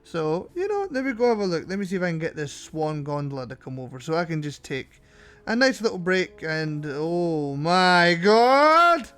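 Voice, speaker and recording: A man's voice: a little high, big pitch swings, brisk. A man narrating gameplay commentary as a channel host, wry and self-mocking.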